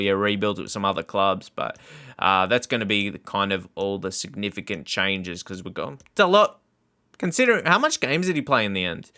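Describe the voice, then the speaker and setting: A man's voice: fairly low pitch, bright, forceful tone, smooth. A man hosting a gaming video, chatting casually in a rambling way and laughing often as he talks viewers through the game. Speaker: gaming channel host. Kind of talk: casual gameplay commentary.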